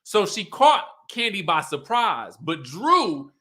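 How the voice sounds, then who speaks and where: Sassy high-voiced man hosting a live recap. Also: slow pace. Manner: sassy and animated, laughs often; talks straight to viewers, reads their comments aloud. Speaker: YouTube host recapping a reality show. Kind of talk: livestream recap commentary.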